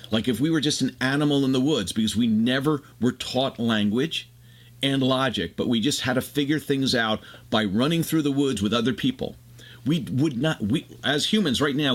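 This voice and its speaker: Male host, mid-pitched, expansive explainer, casual chat. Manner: expansive, explanatory, fast bursts. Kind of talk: casual conversation, explaining ideas.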